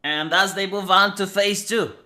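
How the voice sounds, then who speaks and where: A man with a high, bright, forceful voice gives casual commentary over clips while reviewing an anime episode. He speaks at normal speed with fairly even intonation, ranting sarcastically and profanely and firing off rhetorical questions.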